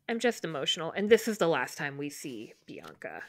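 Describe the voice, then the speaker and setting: A woman's voice: low voice, a bit bright, dry recording. A woman co-hosting a podcast, casually retelling scenes from a book and acting out the characters' lines. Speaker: podcast co-host.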